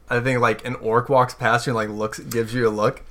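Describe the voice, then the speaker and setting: A man's voice: mid-range voice, normal speed. Laid-back man running a tabletop game. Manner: relaxed, laughing, teasing. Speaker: game master.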